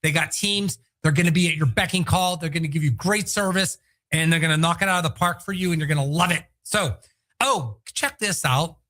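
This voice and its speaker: High-pitched, bright-voiced salesy American man. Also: brisk. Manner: energetic, salesy, breaks into shouted impressions. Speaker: podcast host, real estate agent. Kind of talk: solo talk show.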